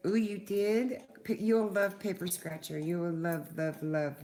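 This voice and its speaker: A woman's voice: on the low side, flat delivery, a little slow, dark tone. A middle-aged woman hosting a casual livestream, chatting with viewers and swearing freely. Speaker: livestream host.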